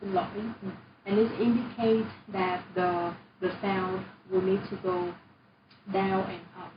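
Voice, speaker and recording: A woman's voice: medium pitch, little pitch movement, distant mic. Brief: young Vietnamese-accented woman, language tutor, encouraging and patient; dull, echoey video-call audio. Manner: patient, encouraging, models words slowly. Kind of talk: online language lesson. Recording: roomy, dull audio with noise.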